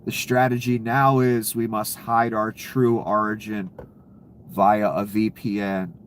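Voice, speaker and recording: A man's voice: fairly low pitch, little pitch movement, slow, slight background noise. A man giving casual, profane political commentary, ranting and sarcastic, laughing at his own jokes.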